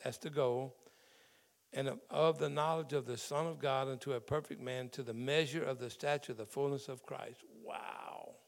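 A man's voice: mid-range voice, fairly even intonation, moderate pace, creaky. A man who is a pastor, preaching a sermon in a conversational way and explaining the meaning of Greek words in scripture.

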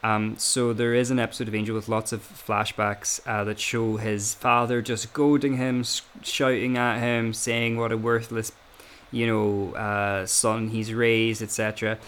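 A man's voice: on the low side, flat delivery, measured pace, fairly bright tone, slight background noise. Man talking with lots of ums. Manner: hesitant, lots of fillers and restarts. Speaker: podcast host. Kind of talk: casual analytical chat.

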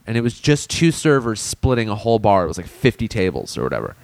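A man co-hosting a podcast, telling long work stories in a casual, profane, lively way. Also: on the low side, fast, vocal fry, no room sound. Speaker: podcast co-host.

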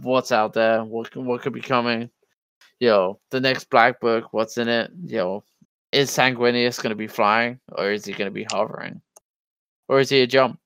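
A man's voice: mid-range voice, steady tone, normal speed, fairly bright tone, clear, resonant tone, no room sound. A man from New Jersey with a New Jersey accent, co-hosting a podcast in loose, casual chat full of "yo" and "like". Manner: loose and casual, says "yo" and "like", restarts. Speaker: podcast co-host.

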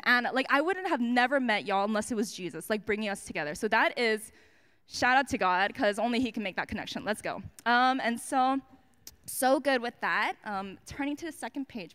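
A woman's voice: fairly high pitch, a bit bright. A woman giving a personal testimony at a church service, chatty and self-mocking, with lots of fillers and restarts.

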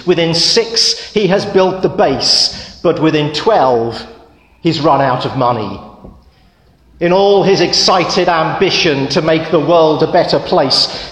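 A man preaching, telling jokes and parables in a measured storytelling manner. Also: on the high side. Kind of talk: sermon storytelling. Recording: echoey hall with long reverb.

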